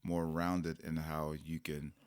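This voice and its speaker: Deep-voiced man, dry close sound. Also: takes it slowly, clean tone, no echo. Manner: animated storyteller, acts out family exchanges. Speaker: podcast guest, personal trainer and father. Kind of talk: conversational podcast interview.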